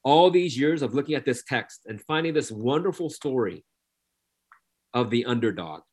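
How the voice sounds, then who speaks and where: A man's voice: medium pitch, animated, normal speed, a little mellow. A man preaching a sermon who reads scripture aloud and repeats key phrases for emphasis.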